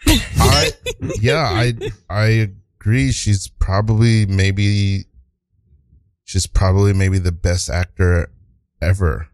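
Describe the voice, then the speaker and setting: A man's voice: fairly low pitch, lively intonation, takes it slowly, no room sound, clean studio sound. A man hosting an improv radio show, encouraging and repeating himself. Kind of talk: casual radio chat.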